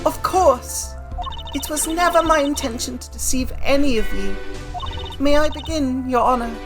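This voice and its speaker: A woman voicing a poised blind female singer in a fan game dub, speaking slowly and formally. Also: high voice, over music, pitched above the performer's own voice, lightly acted. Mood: serene. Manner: slow, soft, formal phrasing.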